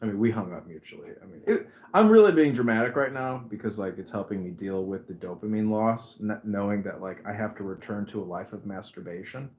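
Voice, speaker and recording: A man's voice: on the low side, fairly quick, few pauses, darkish tone, low-quality recording. A young adult man hosting a podcast, chatting casually in a rambling, self-dramatizing and crude way. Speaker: podcast host. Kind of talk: casual chat.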